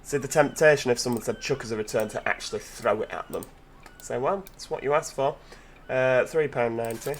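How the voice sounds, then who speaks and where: A man commentates on a driving game in a relaxed, enthusiastic chat, tossing in rhetorical questions and asides to passengers. His pitch sits mid-range for a man. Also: brisk, a little hiss or hum. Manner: enthusiastic, chatty, full of tag questions. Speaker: gaming channel host. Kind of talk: gameplay commentary.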